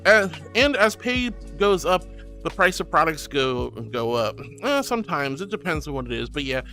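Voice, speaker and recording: A man with a voice that sits a little high, chatting casually on a live stream. He is tender and affectionate and calls listeners honey and sweetie. Faint music plays under his voice. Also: fairly bright tone. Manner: comforting and earnest when consoling. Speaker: VTuber streamer. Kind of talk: casual livestream chat, reading viewer messages. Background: faint background music.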